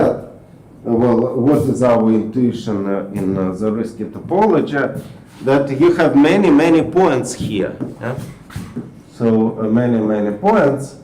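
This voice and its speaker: A man with a Russian accent giving a university math lecture in a halting way, filling his pauses with uh. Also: medium pitch, dark tone. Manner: halting, frequent uh fillers, switches to Russian with students. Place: lecture hall. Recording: roomy echoey classroom, mic from far off, faint noise.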